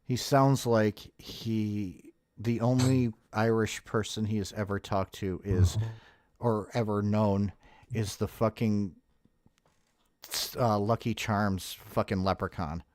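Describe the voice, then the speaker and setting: A man's voice: lowish voice, steady tone, takes it slowly, darkish tone, no room sound, clean studio sound. A man hosting a profane reaction commentary, blunt and sarcastic, swearing freely. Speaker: commentary host.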